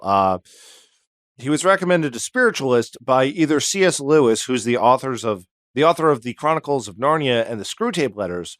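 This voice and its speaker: A man's voice: medium pitch, fairly bright tone, no echo, studio quality. A man co-hosting a comedy history podcast, telling the story in a rambling, jokey way with asides. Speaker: podcast co-host.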